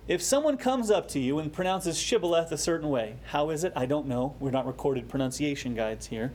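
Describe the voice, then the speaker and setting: A man delivers an expository sermon in a slightly higher-pitched voice, building his points with rising emphasis before dropping into quiet, slowed reflections. Faint hiss sits under the recording. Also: animated. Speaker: pastor.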